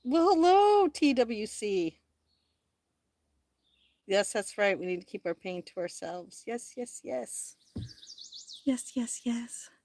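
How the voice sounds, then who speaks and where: A middle-aged woman hosting a casual livestream outdoors, chatty and excitable, talking straight to her viewers. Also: on the high side, takes it slowly, pauses often, no room sound. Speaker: livestream host.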